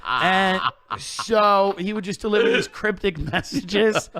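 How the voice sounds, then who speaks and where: A man telling comedic stories on a podcast, animated and emphatic, with plenty of profanity. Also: high voice, slow pace.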